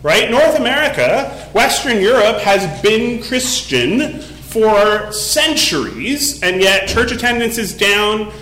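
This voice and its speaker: A man's voice: high-pitched, lively intonation, slow pace, pushed and bright. A man in his forties giving a casual sermon in church, telling a story in a chatty way full of fillers. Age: 40s. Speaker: pastor. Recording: echoey room.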